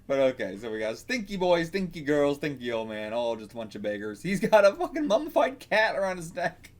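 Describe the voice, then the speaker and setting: A man's voice: a little high, very animated, brisk. A man reacting to a manga, rambling casually, swearing and laughing as he reads.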